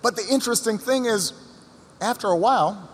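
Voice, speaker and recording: A man giving a speech to an audience, telling a story with pauses and repeated words. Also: high-pitched, background noise. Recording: long reverb of a large hall.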